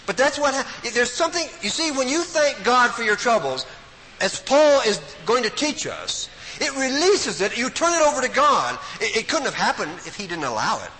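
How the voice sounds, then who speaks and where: Speaking at a moderate pace in a very high voice, this older man preaches at a Bible study week in an animated, folksy style. His sermon-like talk on the Bible is emphatic, then drops abruptly into quiet asides, all captured with hall reverb and a little background noise.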